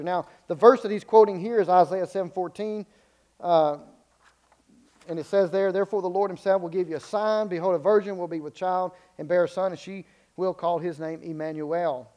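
A man's voice: high voice, a little mellow. A man preaching a sermon in an unscripted way, stumbling and repeating words, then building to emphatic peaks.

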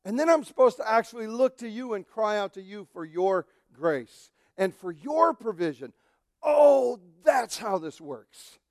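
A male pastor preaching a sermon, animated and conversational, who jumps into quoted voices and drops jokes along the way. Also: sits high, a little slow, no room sound, clean studio sound.

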